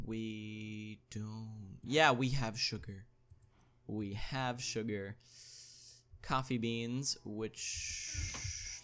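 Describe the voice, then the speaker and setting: Slow-talking male gamer narrating play. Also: medium pitch. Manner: thinks aloud, chatty, excited interjections. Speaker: gaming video host. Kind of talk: casual gameplay commentary.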